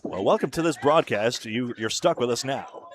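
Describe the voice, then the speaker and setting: A man doing live play-by-play commentary on a bowling match, building to excited calls between offhand asides. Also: medium pitch, moderate pace, slight background noise.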